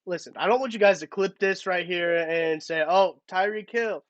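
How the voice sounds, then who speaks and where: A man's voice: sits high, normal speed, fairly bright tone, no room sound, lo-fi sound. A man hosting a casual live-stream sports talk, chatty and thinking aloud with restarts. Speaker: podcast host.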